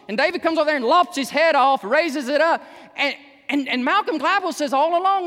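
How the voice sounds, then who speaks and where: A male pastor preaching a sermon in a church, animated, with sudden shouts and humorous asides. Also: very high voice, a little fast. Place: church sanctuary. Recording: echoey church hall.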